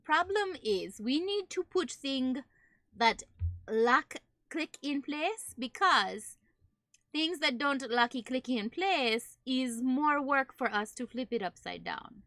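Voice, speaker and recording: A woman's voice: high voice, lively intonation, slow, sharp tone, dry recording, clean studio sound, heavily acted. A woman streamer putting on a broken-English character with a mock German accent, dropping her articles in clipped phrases. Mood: deadpan playful. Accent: put-on German. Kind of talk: playful put-on voice while streaming.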